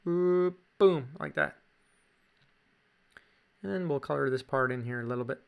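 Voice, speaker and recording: A man's voice: medium pitch, moderate pace, gravelly, smooth, narrow, tinny audio. A man with a Canadian accent, chatting casually through a drawing tutorial with jokey asides. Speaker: drawing teacher.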